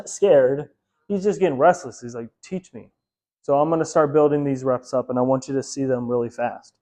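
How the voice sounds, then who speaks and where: A man's voice: fairly high pitch, darkish tone. Chatty man coaching a dog lesson. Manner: casual, chatty, laughs often, many "like" fillers. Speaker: dog trainer. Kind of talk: hands-on training lesson.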